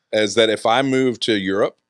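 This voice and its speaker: A man's voice: lowish voice, a little slow, fairly bright tone, dry recording, studio quality. Joking Southern man hosting a podcast. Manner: joking, teasing questions. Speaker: podcast host. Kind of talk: casual interview. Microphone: podcast studio microphone.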